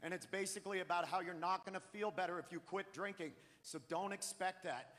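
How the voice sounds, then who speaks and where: A stand-up comedian from New England, ranting loudly and profanely through a live set on a theater stage. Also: male voice, high voice, a little fast. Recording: live theater with long reverb.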